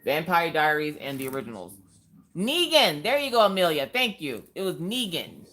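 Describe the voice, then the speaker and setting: A woman hosting a casual live craft stream, chatting in an animated way and answering viewers' comments. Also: sits low, a little fast, soft background music.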